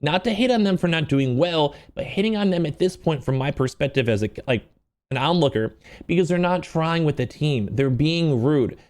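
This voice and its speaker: A man's voice: fairly high pitch, animated, normal speed, a little mellow. A man hosting casual drama commentary, talking in a rambling, emphatic way full of fillers.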